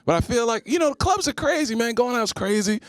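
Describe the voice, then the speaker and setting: A young man doing a stand-up comedy set, animated and acting out scenes. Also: very high voice, brisk, dry recording. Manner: animated, acts out scenes in voices.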